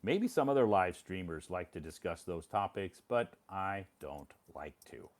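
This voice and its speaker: A middle-aged man from the United States chats casually to viewers of his live stream. His voice sits a little low, and his talk is relaxed and encouraging, often repeating a phrase for emphasis and stopping to answer comments. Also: a little slow. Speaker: English teacher hosting a live stream.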